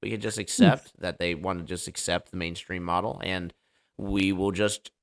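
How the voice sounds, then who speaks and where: A man's voice: sits low, moderate pace, gravelly. A man hosting a casual livestream debate show, talking loosely and joking as he sets things up. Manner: loose, joking, hype-style banter.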